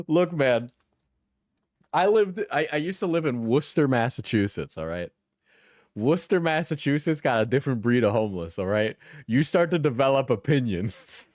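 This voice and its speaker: A man's voice: mid-range voice, animated, unhurried, long pauses, darkish tone, no echo, clean studio sound. A man in his twenties, a live streamer, chatting casually and telling rambling stories with lots of slang and swearing.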